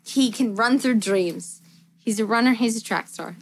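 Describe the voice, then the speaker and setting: A woman co-hosting a casual podcast, retelling a movie with crude jokes and quick impressions of its characters. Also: on the high side, low-quality recording. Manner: crude, laughing, acts out characters' lines. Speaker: podcast co-host recapping a movie. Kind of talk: casual chat, retelling a film with quoted voices.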